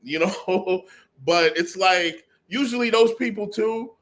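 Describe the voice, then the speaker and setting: A man talks emphatically on a casual podcast, swearing often. His voice sits a bit high for a man. He keeps coming back to "you know what I mean.". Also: takes it slowly, a bit bright.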